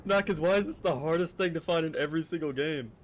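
A man's voice: on the high side, fast. Laughing young man streaming a game. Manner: joking, laughs often, panicky when stuck. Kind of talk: casual gaming chat. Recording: faint background noise.

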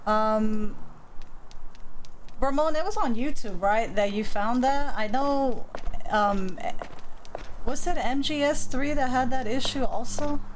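Slow-talking woman streamer, chatty. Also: fairly high pitch, background noise. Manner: chatty, talks to viewers and her cat. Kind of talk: casual gameplay commentary. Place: home streaming setup.

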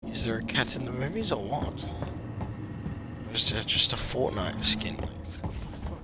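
A man's voice: mid-range voice, expressive, moderate pace, heavy background noise. A man streaming a horror game live, talking to himself in frustration and swearing constantly. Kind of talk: live gaming commentary.

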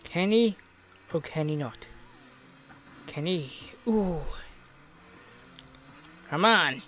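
An Australian man hosting a gaming channel, giving excitable mock sports commentary on his own match and cheering loudly. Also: a little high, very slow. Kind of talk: self-commentary while playing a video game.

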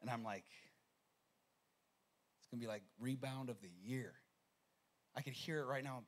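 A man preaching a sermon as pastor, telling a story with animated energy and frequent repeated words. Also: medium pitch, moderate pace, long pauses. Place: church sanctuary.

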